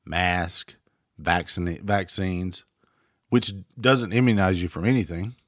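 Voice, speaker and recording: A man's voice: low-pitched, slow pace, fairly bright tone, no room sound, studio quality. A man hosting his own show, delivering an angry political rant with frequent swearing. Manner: ranting, swears freely. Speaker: show host. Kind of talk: political commentary monologue. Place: home.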